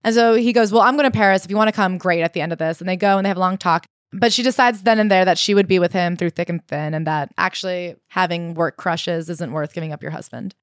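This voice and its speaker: A woman's voice: lowish voice, fast, hardly any pauses, no echo, studio quality. A woman co-hosting a casual book-review chat, recapping the story and dropping wry asides. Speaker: podcast co-host.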